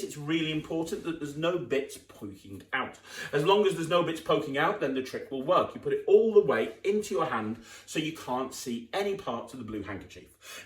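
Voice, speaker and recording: A man's voice: fairly high pitch, fairly quick. Playful English man teaching kids magic. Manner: playful, exaggerated, bursts of excited shouting. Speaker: children's magician. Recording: echoey room, from a distance.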